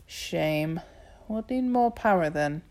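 A woman's voice: fairly low pitch, animated, a little mellow. A woman reading an audiobook, voicing a playful, confident feline goddess who purrs and teases. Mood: brisk amused. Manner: purring, amused, brisk. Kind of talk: audiobook character voice.

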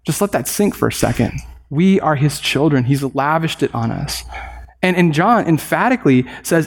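Male preacher, slightly high voice, earnest and emphatic, stretches key words; sermon in a big echoing hall. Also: lively intonation, moderate pace.

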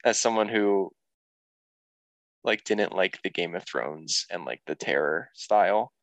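A man's voice: low-pitched, expressive, a little slow, a bit bright, no room sound. A young man co-hosting a podcast, talking in a laid-back, joking way. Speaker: podcast co-host. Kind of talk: casual chat.

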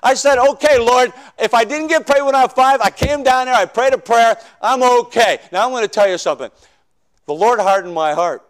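A male preacher telling his conversion story in a sermon, swinging from loud shouts to hushed confession. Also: very high voice, a little fast. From northern United States. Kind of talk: sermon testimony.

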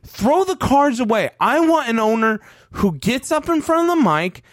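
A man's voice: very high-pitched, very animated, moderate pace, no room sound, clean studio sound. A man in his thirties ranting on a fan sports podcast, profane and heated. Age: 30s. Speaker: podcast co-host.

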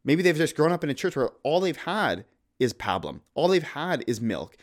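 A man's voice: a little high, big pitch swings, normal speed. Earnest man discussing Scripture. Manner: earnest, thoughtful, quotes Scripture aloud. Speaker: podcast co-host, father. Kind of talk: casual theological discussion.

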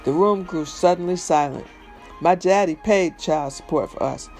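A man's voice: a little high, normal speed, darkish tone, faint music behind. A man reading a memoir aloud in an emphatic, conversational storytelling manner. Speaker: reader.

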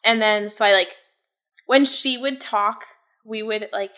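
A woman's voice: medium pitch, steady tone, unhurried, a bit bright. A woman in casual chat, telling a story in a rambling way with lots of "like". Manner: rambling storyteller, heavy use of "like".

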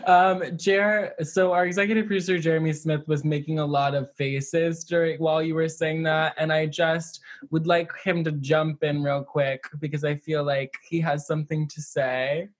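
A man co-hosting a podcast in casual chat, easygoing and quick to laugh. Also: fairly high pitch, level tone. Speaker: podcast co-host.

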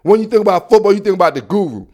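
Brash high-voiced football show host. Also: male voice, very fast, lo-fi sound. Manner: boastful, slangy, animated storytelling. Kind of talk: casual solo sports talk.

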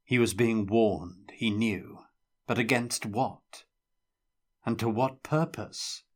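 Man, fiction reading, measured and dramatic, low pitch, slow pace. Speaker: narrator reading a novel aloud. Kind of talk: audiobook-style fiction reading.

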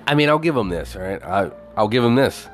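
Guy with a lowish voice ranting a story, swears nonstop, lots of likes and you knows, bit of music in the back. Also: fairly quick. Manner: animated, heavy swearing, many fillers. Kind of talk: casual storytelling rant.

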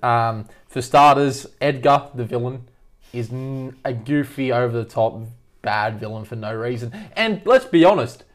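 A man co-hosting a casual movie ranking chat, bluntly ranting and laughing through his complaints. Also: medium pitch. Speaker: co-host.

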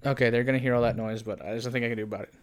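A man's voice: mid-range voice, steady tone, racing, smooth. Casual young-sounding man bantering on a podcast. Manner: teasing, laughs often, trails off mid-sentence. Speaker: podcast co-host.

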